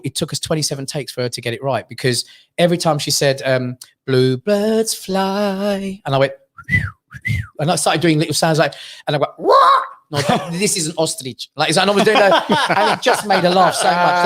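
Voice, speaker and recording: A man talks fast and brightly about his comedy career, a lively storyteller who acts out voices and often breaks into laughter. His voice sits a touch high for a man, and he is a guest in a studio chat. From Armenia. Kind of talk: chatty anecdote-telling interview. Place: London studio.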